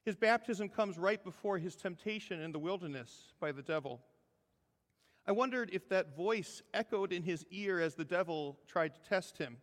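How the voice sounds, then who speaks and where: A man preaching a sermon as a pastor, earnest, lifting his voice for emphasis and dropping to a hushed close. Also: sits high, in a large hall.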